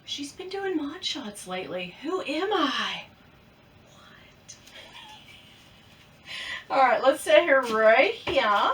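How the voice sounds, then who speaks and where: Woman, middle-aged, chatty unboxing vlog, unhurried, set back from the mic. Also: high voice, sing-song, fairly bright tone, distant mic, slight background noise. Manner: chatty, playful, talks to viewers as girlfriends. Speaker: unboxing vlogger. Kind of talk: casual chat.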